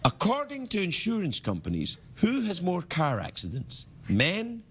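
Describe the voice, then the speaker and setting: A man's voice: high voice, wildly swooping pitch, unhurried, breathy edge. A man hosting a late-night talk show, bantering with a guest in a teasing, mock-dramatic way. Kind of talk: playful comic banter. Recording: loud background noise.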